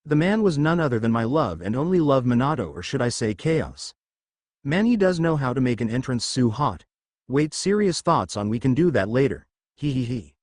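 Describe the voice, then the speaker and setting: A man narrating a fan fiction story in first person, with expressive delivery. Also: medium pitch, no room sound, clean studio sound.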